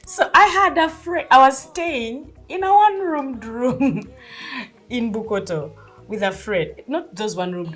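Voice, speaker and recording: Speaking in a mid-range voice with a Ugandan English accent, a woman in her thirties relates a personal story in a casual, animated way. She laughs often and acts out the dialogue.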